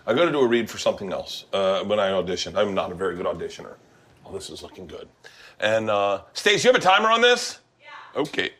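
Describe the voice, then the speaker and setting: A brash, excitable man hosting a casual chat in a kitchen. His voice sits a little low, and he tells stories loudly with plenty of swearing. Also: quick pace. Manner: brash, profane, excitable storytelling. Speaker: podcast host and stand-up comedian.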